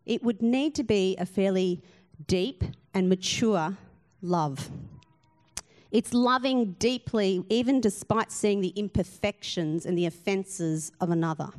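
A woman's voice: mid-range voice, a little mellow. A woman pastor, giving an earnest sermon full of rhetorical questions and emphatic repetition.

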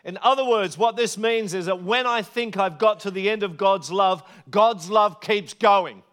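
A man's voice: high voice, moderate pace, fairly bright tone, clear, resonant tone. A man preaching a sermon to a church gathering, earnest and emphatic, stretching out the words he stresses. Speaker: pastor.

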